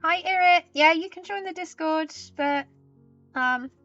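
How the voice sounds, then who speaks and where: A woman's voice: very high-pitched, a little slow, a bit bright, dry recording, dull audio, faint music behind. A woman live streamer chatting casually with her viewers. She greets them and reads their messages aloud, talking into a desk mic with a pop filter.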